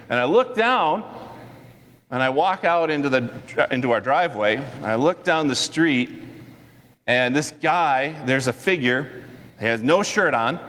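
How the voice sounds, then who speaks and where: Man pastor telling a story in a reverberant church. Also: mid-range voice. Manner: lively storytelling with chuckles and asides. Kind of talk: sermon. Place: church sanctuary.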